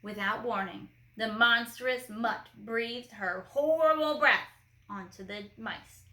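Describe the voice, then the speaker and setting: A woman reading a children's picture book aloud, lively with playful asides. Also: on the high side, slow. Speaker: storyteller. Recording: echoey room.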